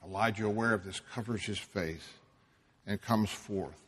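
A man preaching a sermon, emphatic, dropping to a hush and rising loud for stress. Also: on the low side, husky, big-room sound. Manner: slow, emphatic, swings between hushed and loud.

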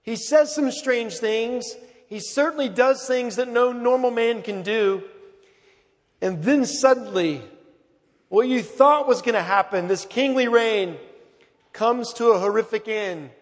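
A man preaching from the pulpit with a high, carrying voice. He is emphatic, rising to loud calls and then dropping to a hush. The long reverb of a large church hangs behind him. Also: a little slow. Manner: emphatic, swings from loud to hushed. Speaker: pastor. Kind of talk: sermon.

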